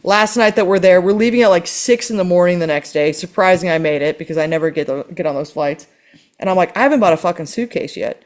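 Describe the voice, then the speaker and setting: A woman on a podcast telling a story in casual chat, animated and exasperated, swearing often. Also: fairly low pitch, fast talker. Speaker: podcast co-host.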